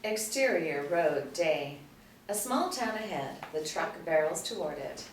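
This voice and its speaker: A woman reading the stage directions at a screenplay table read in a steady, plain manner. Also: on the low side, a little slow. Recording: roomy, distant mic, faint background hum.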